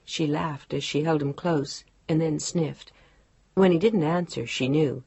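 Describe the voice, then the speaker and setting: Low, husky female audiobook narrator. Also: normal speed, darkish tone, no room sound. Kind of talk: scripted narration.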